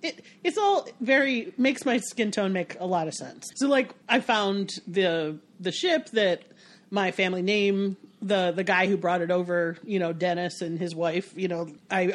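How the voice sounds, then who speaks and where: A woman's voice: fairly low pitch, normal speed. An American woman in casual conversation, telling stories with lots of restarts and fillers. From United States. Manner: chatty, storytelling with many restarts. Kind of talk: casual chat.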